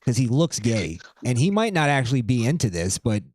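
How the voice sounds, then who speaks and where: A man's voice: mid-range voice, sing-song, fairly quick, darkish tone, dry recording, studio quality. A man hosting a podcast, chatting loosely and rambling while reading items aloud. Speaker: podcast host. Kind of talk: casual podcast chat.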